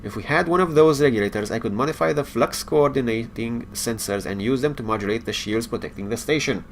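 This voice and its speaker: A man's voice: mid-range voice, a little fast, slight background noise, lightly acted. A man reading out the lines of a friendly, worried male starship engineer from a game, with no accent. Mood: earnest. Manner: reads game dialogue aloud in a raised plain voice, no accent.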